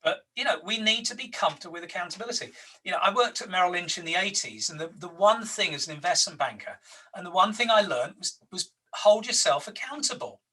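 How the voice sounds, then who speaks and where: A man's voice: high voice, lively intonation, fast talker, pushed and bright, breathy edge, distant mic, poor audio. A man in his sixties coaching an HR group, making his points through anecdotes and stressing them by repeating his words. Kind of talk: workshop facilitation with anecdotes.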